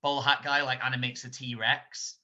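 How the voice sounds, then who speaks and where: A man co-hosting a casual film podcast, rambling and animated as he retells scenes, often laughing. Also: mid-range voice, normal speed. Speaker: podcast co-host. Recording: dull lo-fi sound.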